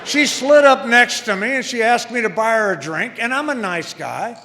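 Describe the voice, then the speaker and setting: A man in his 60s tells his own story at a recovery meeting, wry and self-deprecating. His voice is very high, bright, and pushed, animated at a moderate pace, with the long reverb of a meeting hall.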